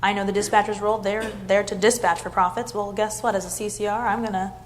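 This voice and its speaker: A woman's voice: medium pitch, steady tone, fast, a little hiss or hum. A woman who works as a customer service representative, talking earnestly and upbeat about how she handles calls. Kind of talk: casual interview chat.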